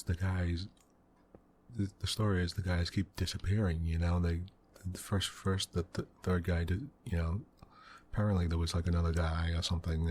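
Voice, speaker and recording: Man, very low voice, soft-spoken ASMR game commentary, meandering storyteller, faint hiss behind. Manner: rambling storyteller, many "you know" fillers; quiet, hushed delivery. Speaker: gaming channel host.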